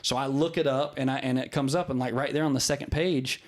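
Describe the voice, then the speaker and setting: A man's voice: medium pitch, steady tone, quick pace. A man who is a real estate broker, guest on a podcast, telling a story in casual chat. He talks with many restarts and acts out the voices of the people he quotes.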